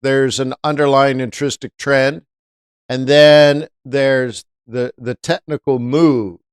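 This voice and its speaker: A man's voice: medium pitch, steady tone, slow pace, clear, resonant tone, no echo, studio quality. A man hosting a live-stream trading lesson, chatty, often asking viewers rhetorical questions. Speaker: trading educator.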